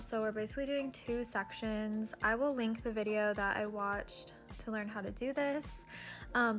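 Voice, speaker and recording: A woman vlogger talking through her steps in a casual voice-over, chatty and loose, with plenty of "like" and "um". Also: mid-range voice. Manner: chatty, with fillers like "like" and "um".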